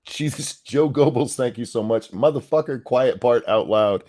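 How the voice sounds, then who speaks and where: A man's voice: mid-range voice, moderate pace. A middle-aged man co-hosting a live stream, reading donations and joking in a profane, rambling way. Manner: animated, profane, jokey, with restarts. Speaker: co-host of a live stream show.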